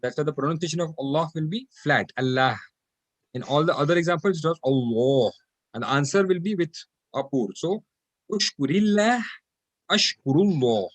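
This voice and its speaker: A man's voice: on the high side, fast, no room sound, rough recording. Patient male teacher drilling phrases. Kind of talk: online Quranic Arabic class. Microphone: video call.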